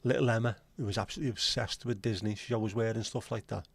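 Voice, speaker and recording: A man's voice: lowish voice, fairly even intonation, fast, gravelly, breathy edge. A man hosting a live stream, chatting casually and teasing his viewers as he reads and answers their comments. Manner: friendly, teasing banter with viewers. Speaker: livestream host.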